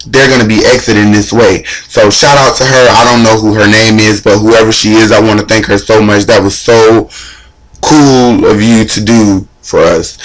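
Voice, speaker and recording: Young guy vlogging a story, gets all hyped, voice shoots way up, says like a lot, regular middle pitch. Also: poor audio. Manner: animated, voice jumps high when retelling his reactions; heavy use of "like" and casual fillers. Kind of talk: excited storytelling to camera.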